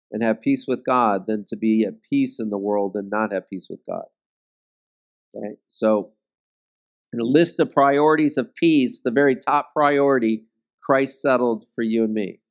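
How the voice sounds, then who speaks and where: A man teaching a Bible study in a conversational way, often checking in with "okay?" and "right?" and joking at his own expense. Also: medium pitch. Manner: self-deprecating humor.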